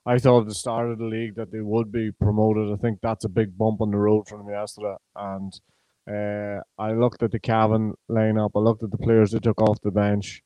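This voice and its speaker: Irish male pundit, low mellow flat delivery, hesitant, dry close sound. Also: dry recording, low-quality recording. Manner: measured, hesitant with frequent ums. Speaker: pundit, former player and college coach. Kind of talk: casual sports chat.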